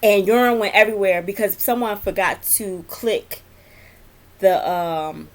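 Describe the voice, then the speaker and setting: A young adult woman who works as a nurse tells stories from her job in a casual vlog. She speaks at medium pitch and a measured pace, rambling with plenty of fillers and laughter.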